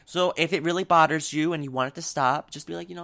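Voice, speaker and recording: A young man talks straight to his viewers and gives advice. He rambles, restarts his sentences and leans on fillers, and his delivery stays lively and animated. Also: on the high side, quick pace, vocal fry. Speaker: vlogger giving advice. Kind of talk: casual advice vlog.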